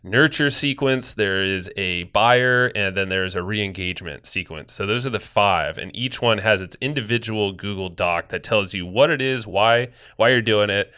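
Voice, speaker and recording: Male podcast co-host, low pitch, bright crisp tone, loose rambling delivery. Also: moderate pace, hardly any pauses. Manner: rambling, loose, lots of restarts and fillers. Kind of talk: casual podcast chat.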